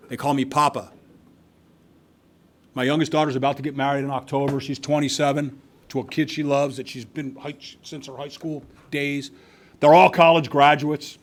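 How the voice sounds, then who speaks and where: A man's voice: medium pitch, a little hiss or hum. A man in his sixties telling his recovery story to a meeting, candid and wry, with restarts. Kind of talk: personal testimony to a live meeting. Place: meeting hall.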